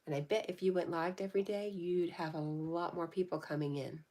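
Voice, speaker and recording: A woman hosting a casual livestream, reading viewers' comments aloud and answering in a gentle, affectionate, spiritually encouraging way. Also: fairly low pitch, steady tone, a little fast. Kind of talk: casual live-stream chat.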